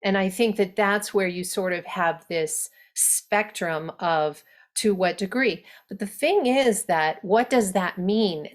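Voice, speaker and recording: A woman dialect coach giving an online workshop lecture to actors, explaining and demonstrating accent sounds. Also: medium pitch.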